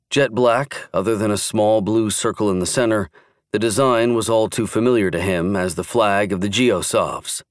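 A man narrating a thriller audiobook in a steady, even storytelling manner. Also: on the low side, no echo, studio quality. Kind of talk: scripted narration.

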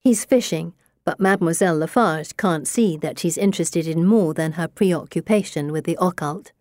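A woman narrating a story in the first person, in a measured way. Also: lowish voice, darkish tone, no echo, clean studio sound. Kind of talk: audiobook narration.

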